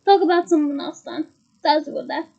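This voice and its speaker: A woman voicing a slow-spoken older male bus driver who talks in a deliberate, unhurried way. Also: very high voice, vocal fry, darkish tone. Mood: grumbling. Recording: muffled lo-fi recording.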